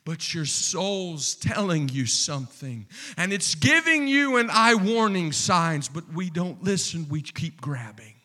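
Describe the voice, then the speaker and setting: Slow-preaching man with a bright voice. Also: a little high, expressive. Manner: impassioned, rising to near-shouting with repeated refrains. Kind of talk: sermon.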